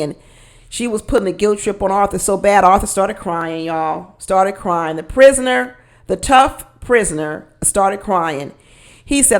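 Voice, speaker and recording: Woman doing a chatty reality tv recap, kinda gravelly fry in her voice, gossipy, talks to y'all. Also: mid-range voice, a little slow. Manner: chatty and gossipy, addresses listeners as y'all, laughs often. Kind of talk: casual reality show recap commentary.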